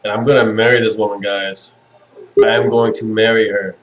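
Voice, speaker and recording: A man's voice: lowish voice, level tone, normal speed, noisy background. A young man chatting casually to viewers on a livestream, gushing and sentimental and laughing often. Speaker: livestream host. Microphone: webcam stream mic.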